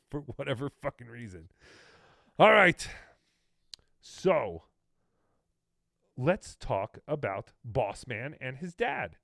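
Sarcastic, laughing podcast host. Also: male voice, sits high, creaky, fairly bright tone, no room sound, clean studio sound. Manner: amused, sarcastic, laughing often. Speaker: podcast host reacting to clips. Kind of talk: casual commentary.

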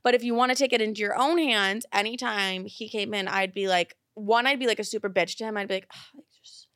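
A woman's voice: medium pitch, fast, a bit bright, dry recording, clean studio sound. Blunt, profane young woman podcaster. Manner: blunt, profane, rambling with many fillers. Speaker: podcast host. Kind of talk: casual advice podcast.

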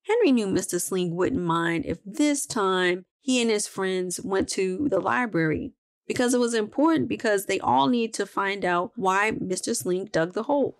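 A woman's voice: medium pitch, normal speed. Woman host reading a children's story.

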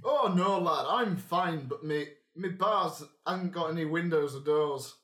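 A man's voice: a little high, a little slow, fairly bright tone, reverberant. A man voicing a blunt, jovial male halfling barkeep with a Northern English accent, dropping words and calling people lad.

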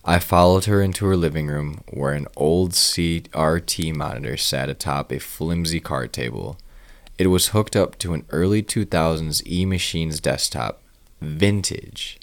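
Man with an extremely deep voice, steady grim first-person story narration. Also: measured pace.

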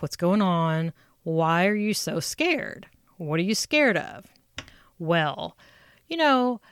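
A middle-aged woman telling a personal story in a chatty, animated way, acting out her own thoughts aloud. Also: lowish voice, smooth, no echo, clean studio sound. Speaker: speaker sharing a personal story.

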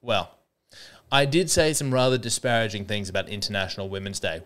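A man's voice: fairly low pitch, fairly even intonation, a little fast, a bit bright. A young man hosting a comedy podcast alone, talking in a rambling, wry and self-mocking way. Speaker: podcast host. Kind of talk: comedic solo podcast monologue.

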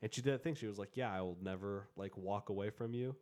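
A man with a lowish voice recounts a story in loose, casual talk. He strings it together with constant "like" fillers and restarts. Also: quick pace, darkish tone.

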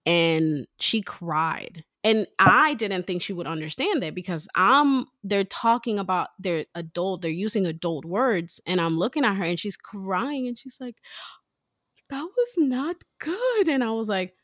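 A woman in her thirties tells a story in casual chat, her voice sitting a little low. She keeps slipping into quoted voices as she goes. The sound is close and dry, with no room around it. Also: measured pace, hardly any pauses, no room sound. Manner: chatty, animated storyteller acting out quotes.

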